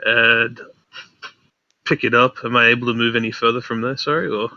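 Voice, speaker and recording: A man's voice: medium pitch, steady tone, normal speed, sharp tone, no echo, dull audio. A man playing a tabletop game, asking plain questions about what his character can do. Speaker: player. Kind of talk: casual tabletop game chat.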